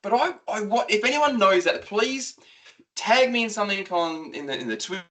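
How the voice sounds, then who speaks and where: An Australian man co-hosting a casual footy podcast, excitable and rambling, swearing freely as he tells stories. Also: high voice, normal speed. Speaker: podcast co-host. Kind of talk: casual chat.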